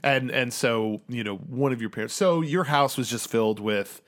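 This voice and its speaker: This is a young man narrating a tabletop game as its game master. He stumbles and restarts his sentences, with lots of fillers, and often breaks into laughter. His voice sits at an ordinary middle pitch. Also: a bit bright. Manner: halting, with many restarts and fillers.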